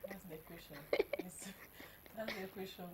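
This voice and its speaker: A woman, a marriage counselor explaining a case in a measured way on a talk show. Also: medium pitch, a little hiss or hum, rough recording.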